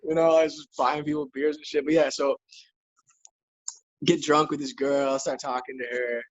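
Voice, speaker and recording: A young man, a hockey player and rapper, is a guest on a podcast, and his voice is on the high side at a moderate pace with dull audio. He tells a wild story in an animated, loose way, swearing and saying "like" constantly.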